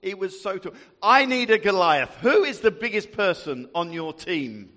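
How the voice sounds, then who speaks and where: A jovial man with a high, bright voice tells a story to a group and jokes with volunteers. He speaks at an unhurried pace, and his voice rings through a large, echoey hall. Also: lively intonation. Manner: jovial, chatty, laughs often. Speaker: storyteller leading a group activity. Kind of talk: interactive Bible storytelling to a group.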